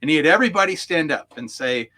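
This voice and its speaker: A man's voice: on the high side, animated, fast, pushed and bright. A man, a coach, recounting personal memories as an interview guest, heartfelt and reflective, with frequent fillers. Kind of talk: storytelling in an interview.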